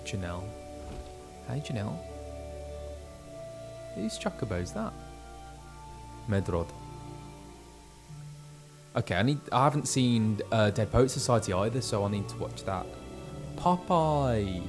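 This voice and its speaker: Man, voice actor streaming gameplay, casual chatty delivery, lively pitch, gravelly texture. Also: measured pace, long pauses, music in the background. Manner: chatty, animated, self-interrupting.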